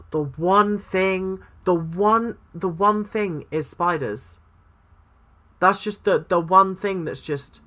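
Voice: mid-range voice, sharp tone. A let's play gamer commentating on a horror game, jumpy and swearing, repeating exclamations when frightened.

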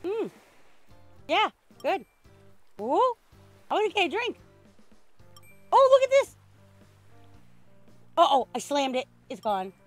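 A woman with a fairly high voice chats her way through a game on stream. She rambles, restarts her sentences and gets excited easily. Faint music plays behind her. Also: a little slow, long pauses, dry recording. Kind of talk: casual game livestream chat.

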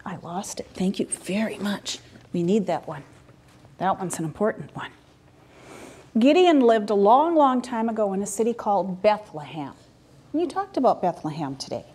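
Animated woman telling children a story. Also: medium pitch, slightly rough. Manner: animated, asks children questions.

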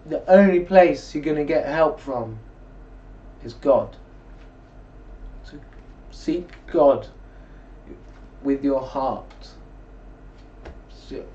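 A man's voice: fairly high pitch, warm tone. Rambling man, distant and dull. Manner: rambling, conversational, slows down for scripture. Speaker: religious video blogger. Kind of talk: casual commentary and scripture reading. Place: indoors, seated in a chair. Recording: distant mic, dull lo-fi sound.

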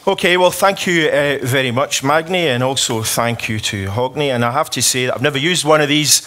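A middle-aged Scottish man with a Scottish accent, giving a prepared political speech at a conference and speaking slowly on purpose. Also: medium pitch, pushed and bright. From Scotland. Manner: measured, deliberately slowed delivery. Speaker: conference speaker, member of parliament. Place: conference hall.

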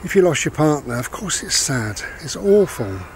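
A vlogger strolls outdoors with his dog, sharing life advice in a relaxed, rambling monologue where he reflects and restates his main points. His voice runs on the high side with big pitch swings at normal speed, over a little hiss or hum.

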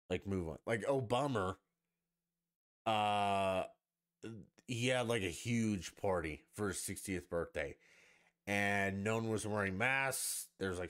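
A man's voice: lowish voice, a bit bright. A man hosting a solo podcast, ranting in a profane, sarcastic and rambling way. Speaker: podcast host.

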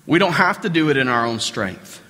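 This man's mid-range voice swings widely in pitch, moving fairly quickly with a sharp tone. He's a Southern American pastor preaching conversationally in a church sanctuary, repeating phrases and putting questions to his listeners, with long hall reverb on the recording.

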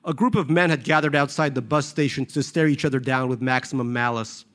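A man's voice: mid-range voice, a little fast, a bit bright. A man reading from his novel in a dry, wry storytelling manner. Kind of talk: audiobook-style literary reading.

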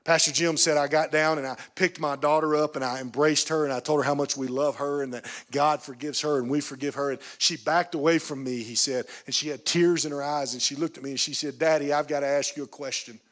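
Guy pastor preaching a sermon, kinda high voice, goes soft then loud a lot. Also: steady tone, fairly quick, few pauses. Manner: storytelling, swings from hushed to emphatic. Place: church sanctuary.

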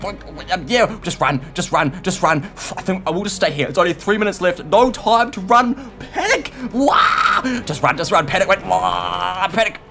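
Frantic, excitable male gaming commentator. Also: high-pitched, moderate pace, vocal fry, hardly any pauses, background noise. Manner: frantic, shouting and squealing with excitement. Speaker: gaming YouTuber. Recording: light background music.

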